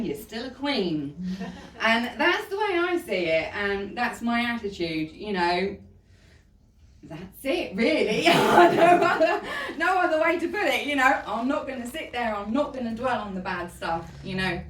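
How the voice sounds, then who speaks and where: A woman tells a personal story to an audience in a chatty, warm way, laughing often. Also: a little high, animated, a little slow. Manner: chatty, laughing often, says "you know" a lot. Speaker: speaker giving a talk. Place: event hall. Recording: roomy hall, voice from far off.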